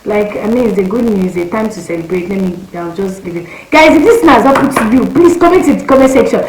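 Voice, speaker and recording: A young woman in her twenties with a Nigerian accent, telling a story to her viewers in a lively, exclamatory way with her voice leaping up when she gets excited. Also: mid-range voice, fast, hardly any pauses, roomy sound, rough recording. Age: 20s. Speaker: vlogger. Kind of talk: casual storytelling rant.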